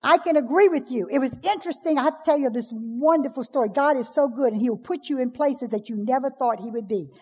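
A high-pitched woman delivers a sermon to a room of women, mixing jokes into her storytelling. Her voice is a little husky, and it rings out with a long reverb from the hall around her. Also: fast, hardly any pauses. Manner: humorous, storytelling, lively preaching. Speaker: pastor's wife speaking at a ladies' event.

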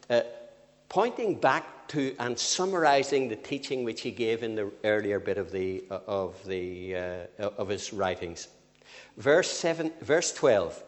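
An older man preaching a sermon, swinging from loud emphatic phrases to quiet asides. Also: medium pitch. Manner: lively with sudden rises and drops, slow emphatic phrasing. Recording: long reverb of a church hall.

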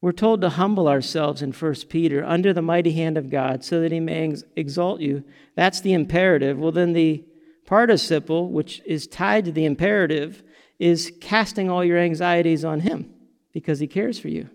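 Guy preaching, high gravelly voice, big echo off a church hall, jumps up loud when he quotes stuff. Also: moderate pace. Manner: animated, sings song lines and acts out quotes. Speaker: pastor. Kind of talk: sermon.

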